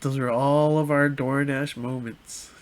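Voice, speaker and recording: A laid-back man co-hosting a podcast. He chimes in with short reactions and easy laughs. His voice sits at a middle pitch. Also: little pitch movement, unhurried. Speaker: podcast co-host. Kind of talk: casual chat.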